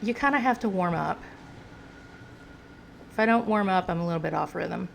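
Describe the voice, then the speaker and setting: A woman's voice: lowish voice, moderate pace, creaky, slight background noise. An American woman giving chatty gameplay commentary, talking to the game's hero the way she talks to a pet. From United States. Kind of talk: casual game commentary.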